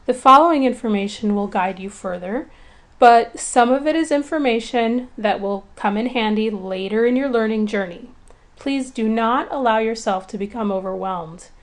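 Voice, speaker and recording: A woman's voice: fairly high pitch, moderate pace. Patient woman teaching Spanish accents. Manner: patient, clear, encouraging. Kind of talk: scripted lesson narration.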